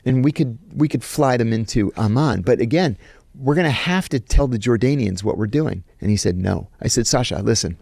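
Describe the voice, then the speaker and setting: A man's voice: medium pitch, vocal fry, no room sound. A middle-aged man telling a long anecdote in an interview, acting out the lines he quotes. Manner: animated anecdote teller, acts out quoted lines. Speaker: guest, former intelligence officer. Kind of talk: storytelling in an interview.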